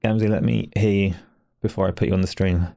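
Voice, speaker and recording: Brief: low gravelly male streamer, shivering, rambling casual chat. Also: fairly even intonation, fast, dark tone. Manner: rambling, chatty, says he is shivering from cold. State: shivering from cold. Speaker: stream host.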